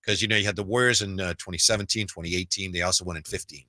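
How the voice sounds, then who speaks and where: A man from Texas co-hosting a casual sports talk show, animated and jokey. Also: low-pitched, rapid-fire, no room sound. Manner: animated, jokey, puts on quoted voices. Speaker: co-host.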